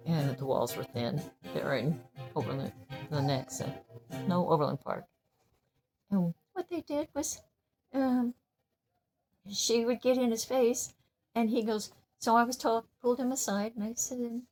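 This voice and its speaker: A woman's voice: medium pitch, unhurried, music in the background. An older woman casually telling personal stories in a rambling way, laughing often and restarting her sentences. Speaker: storyteller sharing memories.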